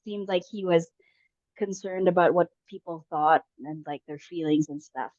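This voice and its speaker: A podcast guest tells a personal story in a casual way, filling it with fillers and restarts. She speaks at normal speed in a low-leaning, slightly mellow voice, captured in dull lo-fi audio with no room sound.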